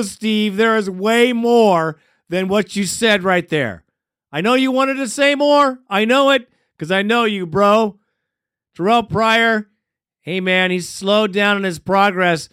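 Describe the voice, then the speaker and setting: A man's voice: high-pitched, takes it slowly, fairly bright tone, clear, resonant tone, dry recording, clean studio sound. A man hosting a sports fan call-in show, laid-back and chummy, calling callers bro and man. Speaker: radio show host.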